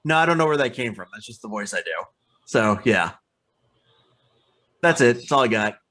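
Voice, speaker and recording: A man's voice: medium pitch, lively intonation, normal speed, bright, forceful tone. A man co-hosting a podcast in casual chat, often restarting his sentences with stammers and laughing easily. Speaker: podcast co-host.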